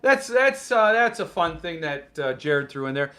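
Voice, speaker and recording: A book collecting show host speaks a little high, in a sing-song way, at a moderate pace, with a bright, forceful tone. During his casual live stream he reads what viewers write and jokes around playfully.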